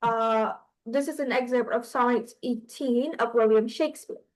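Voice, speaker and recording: A woman teaching a class about poetry, explaining hesitantly with frequent pauses and restarts. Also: a little high, low-quality recording.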